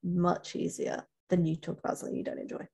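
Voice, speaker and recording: Woman, low-pitched, husky, gravelly, casual webinar chat, frequent self-corrections. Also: sing-song, fast, darkish tone. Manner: chatty, self-correcting, many restarts. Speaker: interview coach.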